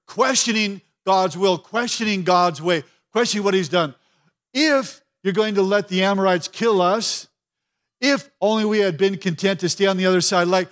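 High-voiced pastor preaching with fervor. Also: male voice, normal speed. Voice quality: repeats and restarts words when emphatic. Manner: expressive preaching, voicing pleading prayers to God. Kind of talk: sermon.

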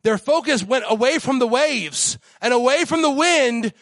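High-voiced preaching man, big swings. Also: normal speed, no room sound. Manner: preaching, rising to high excited peaks and dropping to soft near-whispers. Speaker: guest pastor. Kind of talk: sermon.

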